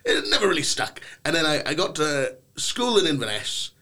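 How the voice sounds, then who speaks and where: A young Englishman appears as a podcast guest, telling stories in a casual chat. His pitch is fairly high and his pace moderate, and he's theatrical and animated, slipping into playful put-on voices.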